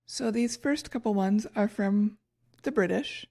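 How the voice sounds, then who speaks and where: A woman co-hosting a casual podcast, going through her research notes in a relaxed way. Her voice is gravelly and dark, with a medium pitch. She laughs at her own stumbles and keeps things loose. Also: measured pace. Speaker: podcast co-host.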